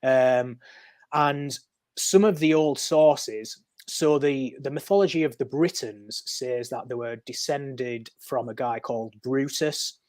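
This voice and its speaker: A man's voice: mid-range voice, slow, a little mellow, dry recording. A man talking as a podcast guest, explaining history in a loose, storytelling way with frequent ums and restarts. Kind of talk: conversational explaining. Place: podcast recording.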